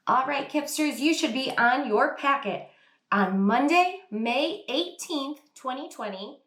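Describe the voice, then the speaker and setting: A woman teacher giving an online reading lesson to young children, sounding out words slowly and praising the class. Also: high voice, animated, a bit bright, reverberant. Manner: slow, exaggerated sounding out of words. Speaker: kindergarten teacher.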